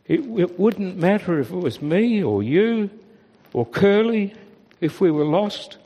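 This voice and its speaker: A man voicing a gentle, wise old female sheep in a story read aloud. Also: sits high, unhurried, husky, heavily acted. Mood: tender. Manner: calm, reassuring. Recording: reverberant church hall.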